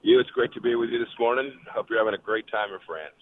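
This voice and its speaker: A man's voice: lowish voice, fast, a little hiss or hum. A man, a former official, confidently answering questions in a phone interview. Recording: tinny phone line.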